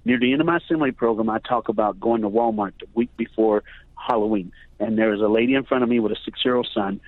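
A man's voice: fairly low pitch, quick pace, no echo. A man who speaks at school assemblies, telling stories in an earnest, preacherly way as a guest on the phone. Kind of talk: storytelling on a phone interview. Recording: tinny phone line, dry.

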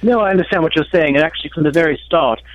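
Fast-talking man on a dull line. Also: fairly high pitch, dry recording. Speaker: guest. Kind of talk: radio interview answers.

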